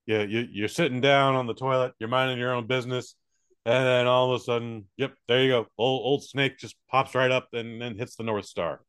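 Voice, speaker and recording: A man co-hosting a comedy podcast, telling crude stories with excitable, profane outbursts. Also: medium pitch, a little fast, clear, resonant tone, dry recording, clean studio sound. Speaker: podcast co-host.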